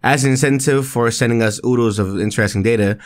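A man reading aloud the lines of a friendly lab worker in a video game who explains the gear, in a lower, flatter voice than his own. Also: fast, lightly acted. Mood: explaining.

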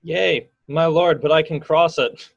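A man's voice: a little high, steady tone, measured pace, vocal fry. A teenage boy playing a sly, plotting henchman in a Shakespeare school play, speaking in a conspiratorial manner. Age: late teens. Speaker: student actor. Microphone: video call. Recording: muffled video-call audio.

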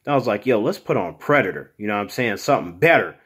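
A man voices a swaggering, foul-mouthed mutant monster who hosts his own channel and addresses everyone as "human". He boasts, swears freely and refers to himself in the third person. His voice sits a little low. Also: expressive, quick pace, a bit bright, slightly rough. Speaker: channel host. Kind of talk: comedic storytelling monologue.

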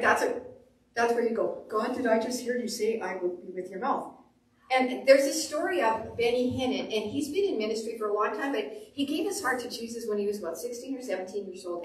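A woman pastor preaching a sermon, telling stories with animated delivery and acting out quotes. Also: medium pitch, recorded from a distance. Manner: animated storytelling, acts out quotes. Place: church sanctuary. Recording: echoey room, voice off the mic.

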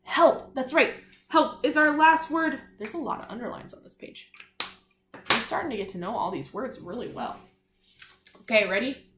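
A woman's voice: a little high, moderate pace, pauses often, roomy sound, noisy background. A woman giving a patient, encouraging lesson to young children, sounding out letters and praising answers. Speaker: kindergarten teacher. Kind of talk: slow, clear classroom instruction to young children.

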